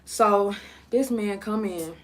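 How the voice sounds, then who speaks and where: A young woman hosting a podcast, telling a story in blunt, profane, animated casual talk. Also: mid-range voice, slow. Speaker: podcast host.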